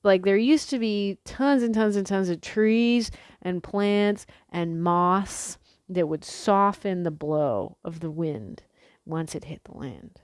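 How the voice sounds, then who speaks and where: A woman's voice: medium pitch, slow, no echo, clean studio sound. A young woman from the Pacific Northwest rambling casually to camera, swearing freely, with lots of fillers and restarts. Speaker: vlogger.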